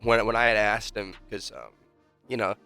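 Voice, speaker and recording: A man's voice: lowish voice, fairly even intonation, normal speed, creaky, pushed and bright, faint music behind. A man who boxes, a guest on a casual podcast, telling a rambling story full of fillers and restarts. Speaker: amateur boxer.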